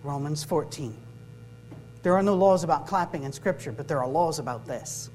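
A man's voice: a little high, lively intonation, normal speed, a little mellow, soft background music, low-quality recording. Storytelling man preaching. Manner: storytelling, acts out dialogue, joking. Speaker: minister. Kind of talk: sermon-style workshop talk.

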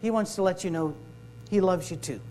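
A man's voice: sits high, brisk, warm tone, soft background music, rough recording. A man, a minister giving a sermon-style workshop talk, telling stories, acting out the dialogue and joking. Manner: storytelling, acts out dialogue, joking.

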